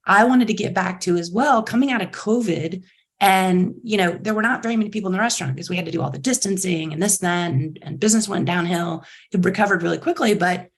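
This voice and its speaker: A middle-aged woman, a company chief executive, telling stories in an interview with lively enthusiasm and acting out the voices of others. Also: lowish voice, fast talker. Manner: enthusiastic, acts out quotes in bright voices. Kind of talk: animated interview storytelling.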